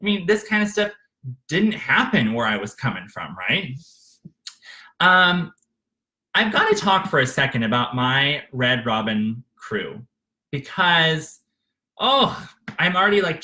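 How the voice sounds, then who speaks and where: A man tells his own life story in a bright, ringing voice that rises and falls in a lively way. He talks candidly and with feeling, catching himself with fillers and restarts as he goes. It sounds like a close studio microphone. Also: on the high side, measured pace. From Arkansas, USA. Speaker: author narrating his memoir. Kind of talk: unscripted memoir narration.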